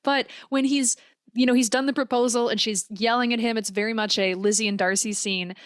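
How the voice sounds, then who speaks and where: A woman's voice: a little high, fairly even intonation, fairly quick, no echo, clean studio sound. A woman co-hosting a podcast, gushing as an emotional fan in casual chat. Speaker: podcast co-host. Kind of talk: casual chat about a period drama.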